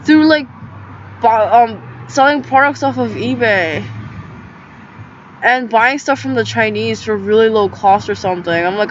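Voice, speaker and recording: A woman's voice: fairly high pitch, animated, measured pace. A young woman rambling through a casual monologue, agitated and full of "like" fillers, recorded inside a tent. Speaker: vlogger. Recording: slightly dull lo-fi audio with faint background noise.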